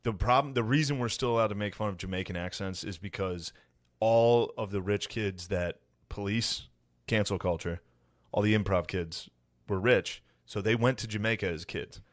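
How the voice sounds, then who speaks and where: A man co-hosting a podcast in casual chat, with a deadpan, ironic delivery and mocking voices. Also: lowish voice, normal speed, no room sound, clean studio sound. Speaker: podcast co-host.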